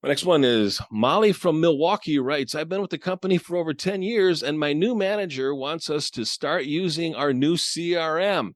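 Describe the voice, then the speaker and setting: A man's voice: fairly high pitch, normal speed, few pauses, dry recording, clean studio sound. A man co-hosting a podcast in casual discussion, talking animatedly, chuckling often and acting out imagined dialogue. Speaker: podcast co-host.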